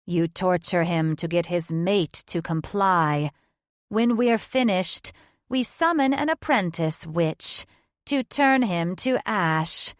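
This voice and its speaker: Cold, hissing witch sisters speak in slow, heavy unison, performed by a woman narrator. Their tone is low-set and menacing. The reading sits in a dry, close studio sound. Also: expressive, dry recording.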